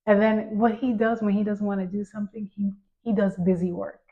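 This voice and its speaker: A woman hosting a casual conversation, an animated storyteller who laughs often. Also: medium pitch, brisk, muffled recording. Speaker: host, mother.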